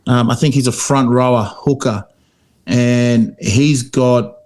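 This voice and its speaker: A man's voice: mid-range voice, fairly even intonation, slow, darkish tone. Man, rugby podcast co-host, casual rambling storyteller with lots of fillers. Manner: storytelling, many fillers and restarts, acts out quotes. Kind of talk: casual chat.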